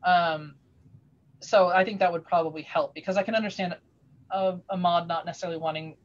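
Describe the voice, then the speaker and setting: On a video call, a craftsperson sharing her work talks casually and briskly, her voice a little low for a woman. She rambles through a story full of restarts and fillers, becoming more animated as she goes, while the audio sounds muffled and lo-fi.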